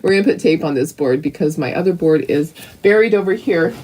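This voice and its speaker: A woman's voice: sits low, animated, brisk, a little mellow, rough recording. A middle-aged woman hosting a casual live craft painting tutorial, chatting and greeting viewers by name.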